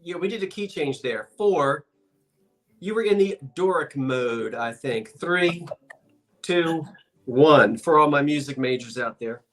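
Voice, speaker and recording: A man's voice: on the high side, expressive, measured pace, fairly bright tone. A man hosting a live online auction of antiques, playful and chatty, joking as he counts down bids.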